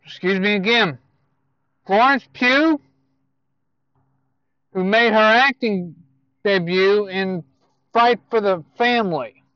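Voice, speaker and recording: A man giving casual movie news to viewers, speaking in a halting way with self-corrections and asides. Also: sits high, clear, resonant tone, no room sound, highs cut off.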